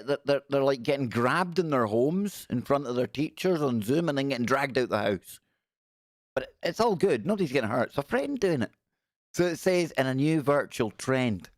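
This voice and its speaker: A man's voice: mid-range voice, dry recording, studio quality. A middle-aged man hosting a casual live stream, greeting viewers by name and joking around.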